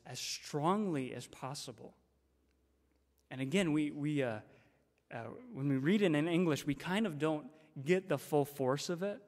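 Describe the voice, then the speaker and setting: A man's voice: on the high side, darkish tone. Emphatic male preacher in a reverberant church. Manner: emphatic, repeats phrases for stress. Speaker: guest preacher. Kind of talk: sermon. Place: church sanctuary.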